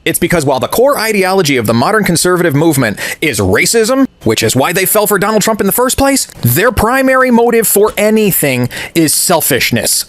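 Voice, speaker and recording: A man's voice: sits high, very animated, a little fast, no room sound. A man ranting in a video commentary, swearing often and mocking in a sarcastic, scornful way. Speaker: political commentator.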